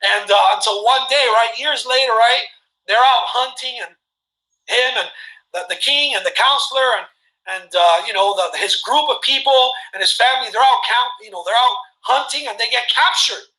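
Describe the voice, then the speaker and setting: A man from Cuba telling a story to a webinar audience in a casual, rambling way, often doubling back on himself. His voice is bright and animated throughout. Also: extremely high pitch, normal speed, poor audio. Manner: animated, rambling, self-interrupting. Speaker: webinar presenter.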